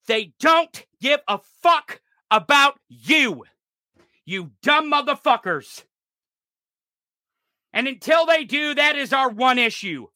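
A man's voice: very high voice, expressive, takes it slowly, pauses often, pushed and bright, dry recording, clean studio sound. Furious profane man ranting in his thirties. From rural United States. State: enraged. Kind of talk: angry political rant.

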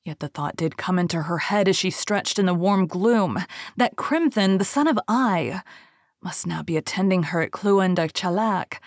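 A woman narrating a storybook in a measured, literary way. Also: lowish voice, no echo, clean studio sound. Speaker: reader.

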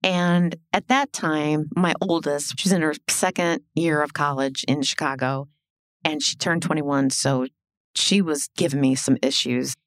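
A middle-aged woman telling her life story as a podcast guest, animated and blunt, swearing and acting out what people said. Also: sits low, measured pace, no echo, clean studio sound. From Illinois. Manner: animated, swearing, acts out quoted dialogue. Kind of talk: casual storytelling interview.

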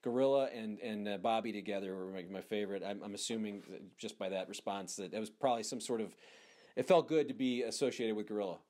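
A man's voice: lowish voice, quick pace, a little mellow. A man hosting an interview, asking long rambling questions with many restarts and fan-like enthusiasm. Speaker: podcast host. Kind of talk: casual interview chat.

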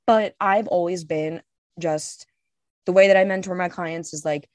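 A woman's voice: lowish voice, fairly even intonation, unhurried, darkish tone, no room sound, studio quality. A young woman co-hosting a podcast, talking in a candid, emphatic way and swearing freely. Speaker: podcast co-host. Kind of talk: casual podcast chat.

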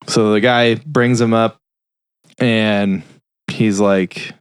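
A man's voice: fairly low pitch, fairly even intonation, slow pace, clear, resonant tone, dry recording, studio quality. A man hosting a podcast, casually retelling a film's plot and briefly doing voices for the characters. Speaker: podcast host. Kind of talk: casual film recap.

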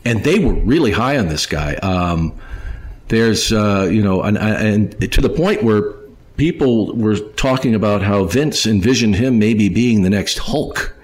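Man, lowish voice, podcast host, chatty, rambling. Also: animated, unhurried. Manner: chatty, rambling with fillers and restarts, laughs along. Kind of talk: casual chat, reading listener questions.

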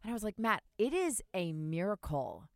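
Smooth-voiced woman telling animated stories. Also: moderate pace, no echo, studio quality. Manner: animated storytelling, jumps high when indignant. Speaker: podcast co-host. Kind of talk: casual chat.

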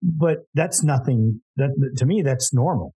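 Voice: medium pitch, expressive, unhurried, mellow, breathy edge. An interviewer asking casual questions and sometimes stumbling over the first words.

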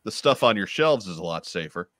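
A man co-hosting a casual livestream, reading out viewer comments with halting restarts. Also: deep voice, very animated, fairly bright tone, no echo, studio quality. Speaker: podcast co-host.

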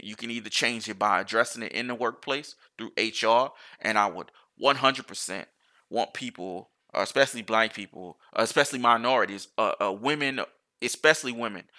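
Man, casual solo rant, bright tone, profane, rambling restarts. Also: medium pitch, normal speed. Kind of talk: casual monologue.

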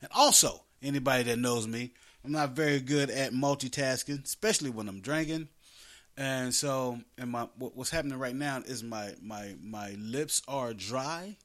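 A man's voice: mid-range voice, moderate pace, fairly bright tone. A man hosting an internet radio show, talking casually in a rambling, joking way and laughing often.

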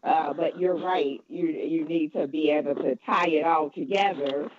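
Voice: mid-range voice, steady tone, moderate pace, over a noisy crowd. A podcast host speaking encouragingly and agreeably, often repeating affirmations while interviewing a guest. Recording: dry, phone-like narrow sound.

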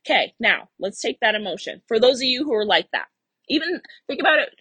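A young woman coaching listeners on her own podcast, her pitch swinging up and down as she acts out their inner voices. Her voice is slightly husky and the sound is dry and close. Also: expressive, a little fast, pushed and bright, no room sound. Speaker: life coach and podcast host. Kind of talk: solo podcast talk.

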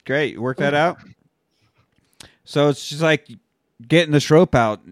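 A man's voice: fairly high pitch, takes it slowly, long pauses, no room sound, studio quality. A man co-hosting a movie rewatch podcast, recapping scenes casually and acting out bits of dialogue. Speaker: podcast co-host.

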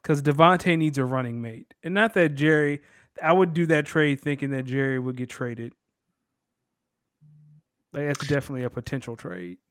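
A man's voice: mid-range voice, normal speed, long pauses, clear, resonant tone, no echo, studio quality. A man co-hosting a sports podcast, boasting and ribbing the others in casual banter. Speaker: podcast co-host.

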